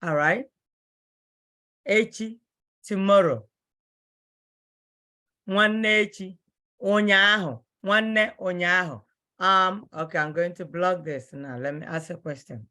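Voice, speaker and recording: A woman teaching an online language class, who speaks slowly and repeats each word with care so her students can follow. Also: on the low side, sharp tone. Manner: slow, repeats words carefully for students.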